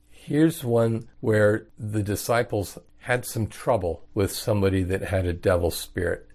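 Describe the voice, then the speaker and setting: A man with a fairly low, darkish voice teaches the Bible verse by verse. His style is casual and conversational as he reads passages aloud and explains them in everyday language.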